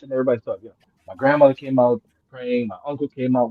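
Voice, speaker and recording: A man who grew up in Jamaica, telling a story in casual chat, swinging between loud excited bursts and low murmurs, laughing and swearing often. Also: quick pace, no room sound, muffled recording. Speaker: guest.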